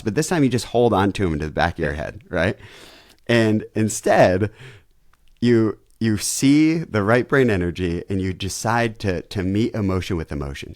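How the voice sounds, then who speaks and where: Deep-voiced man telling stories. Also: normal speed, no room sound, studio quality. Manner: animated storyteller who acts out family scenes. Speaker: podcast guest, pastor. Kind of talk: conversational interview.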